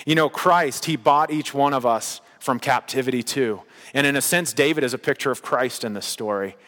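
A man's voice: medium pitch, moderate pace, fairly bright tone, long reverb tail. A man preaching a sermon in a casual, conversational way, with bursts of emphasis. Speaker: pastor.

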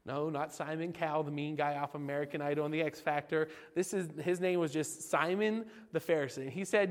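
Man, youth pastor, lively jokey sermon, fairly high voice, long hall echo. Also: brisk, hardly any pauses. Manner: animated, jokey, asks the audience questions. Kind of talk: informal sermon.

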